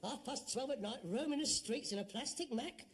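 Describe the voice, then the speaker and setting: A man's voice: very high-pitched, normal speed, noisy background. A man playing a sarcastic, scornful grown son in a sitcom, with a mocking, exasperated way of talking. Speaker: actor in sitcom. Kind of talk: 1970s sitcom acting.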